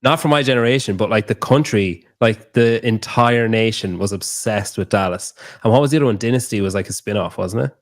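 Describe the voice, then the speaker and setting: A man's voice: on the low side, fairly quick, hardly any pauses, no room sound, studio quality. A young Irish man chatting casually, rambling and swearing freely, laughing often. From Ireland. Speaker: guest. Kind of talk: casual chat.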